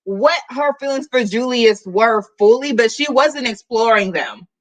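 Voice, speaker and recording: A woman's voice: on the high side, a little slow, poor audio. A woman hosting a reading vlog, recapping a book in casual, slangy chat. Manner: animated, chatty, slangy.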